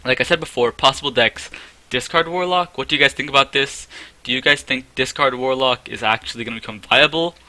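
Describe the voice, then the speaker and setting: A man's voice: mid-range voice, brisk, sharp tone, no room sound. A man giving a casual, chatty review of game cards, often correcting himself mid-sentence and scoring each card out of ten. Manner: chatty, self-correcting, rates things out of ten.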